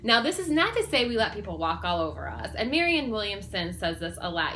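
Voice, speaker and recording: A woman's voice: lowish voice, sing-song, brisk, hardly any pauses, a little hiss or hum. A woman talking casually to camera as a self-help vlogger, chatty and rambling with frequent ums and restarts, earnest as she shares personal stories. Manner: earnest and warm-hearted, sharing personal stories.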